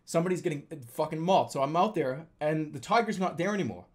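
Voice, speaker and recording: On a stream, a young man with a voice on the high side talks fast while recounting his dreams in casual chat. He tells it with animation, performing the voices and swearing freely.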